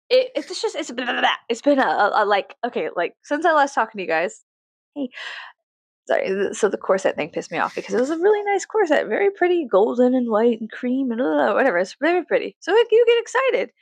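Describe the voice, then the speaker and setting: A woman's voice: high voice, very animated, a little fast, no echo. A woman, venting profanely and animatedly in a story-time vlog. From Texas, USA. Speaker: vlogger.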